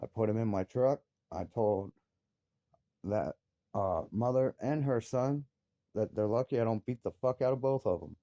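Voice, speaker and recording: A man with a lowish, dark voice speaks at normal speed in a dry, lo-fi recording. He is a father ranting angrily about his family, full of profanity, his voice rising sharply into outbursts.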